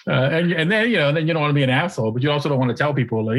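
Husky man telling a rambling story. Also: fairly high pitch, expressive, very fast, poor audio. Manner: rambling, profane, lots of restarts. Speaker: podcast co-host. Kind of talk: casual storytelling chat.

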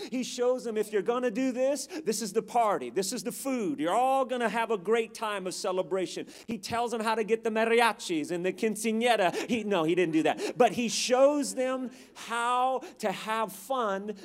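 A man preaching a sermon, dramatic and emphatic, with call-and-response to the congregation. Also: high-pitched.

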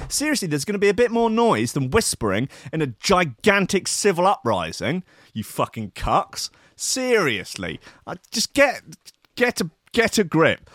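Sweary radio host ranting. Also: male voice, fairly high pitch, sing-song, normal speed, fairly bright tone, no echo, clean studio sound. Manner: sweary, sarcastic rants with mock outrage.

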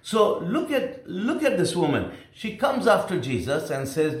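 Animated preacher in an echoey room. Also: male voice, measured pace. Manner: animated retelling, repeats phrases, rises in pitch. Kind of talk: sermon storytelling.

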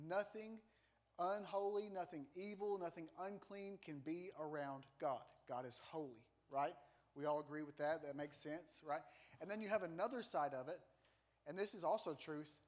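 Animated pastor with a high voice. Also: male voice. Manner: animated, self-deprecating storyteller with humor. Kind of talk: sermon with personal story.

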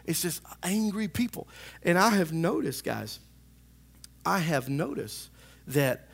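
A man's voice: on the high side, creaky, breathy edge. A man preaching a sermon as pastor to his church, emphatic, with call-and-response asides to the congregation. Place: church service.

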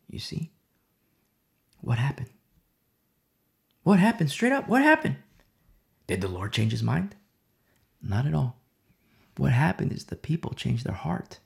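Gravelly, emphatic male Bible teacher. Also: on the high side, wildly swooping pitch, measured pace, pauses often. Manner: emphatic, repeats rhetorical questions, drops to whispers. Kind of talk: sermon-style Bible study.

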